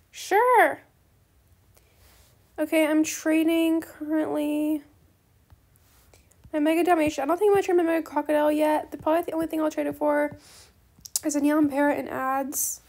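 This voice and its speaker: High-pitched gravelly young woman chatting. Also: flat delivery, moderate pace, long pauses, a little mellow. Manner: chatty and rambling, peppered with slang like bestie and slay; apologetic, gushing reactions to other players. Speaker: gaming video creator. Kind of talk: casual chat while playing a game.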